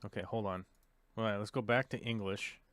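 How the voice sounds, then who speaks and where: A man's voice: lowish voice, steady tone, brisk, fairly bright tone, dry recording. A man hosting a casual livestream chat in a playful way, thinking aloud and joking at himself. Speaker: livestream host.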